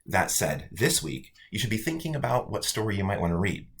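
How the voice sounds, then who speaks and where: A male college instructor giving a casual, animated weekly update to his online students. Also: on the low side, brisk. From United States.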